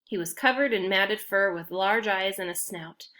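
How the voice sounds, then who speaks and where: A woman's bright, forceful, medium-pitched voice carries a storybook narration of a children's fantasy chapter at normal speed. Reading as an audiobook narrator, she stays steady but sometimes restarts a phrase.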